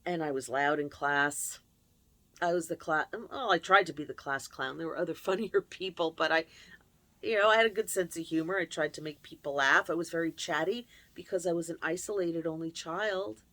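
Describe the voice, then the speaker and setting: A woman's voice: deep voice, normal speed, a bit bright. A woman host speaking candidly and emotionally in a confessional personal story, recorded at her computer. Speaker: channel host.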